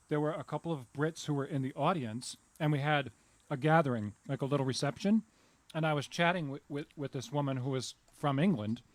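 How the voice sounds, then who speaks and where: A man co-hosting a live outdoor show from a theater patio, telling meandering anecdotes in a relaxed chat. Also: a little high. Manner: chatty storyteller with meandering anecdotes. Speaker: co-host. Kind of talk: casual chat.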